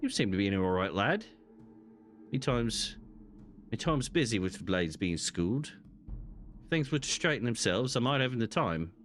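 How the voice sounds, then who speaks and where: A man's voice: fairly low pitch, big pitch swings, normal speed, pauses often, fairly bright tone, slight background noise. A man voicing a strong, stout, bearded male brawling trainer from a game, trying for an Irish or Cockney lilt. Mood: gruff friendly.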